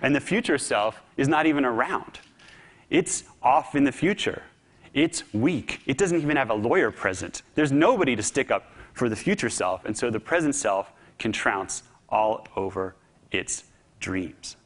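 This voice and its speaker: Man, mid-pitched voice, humorous storyteller, public talk, animated. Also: normal speed. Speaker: speaker.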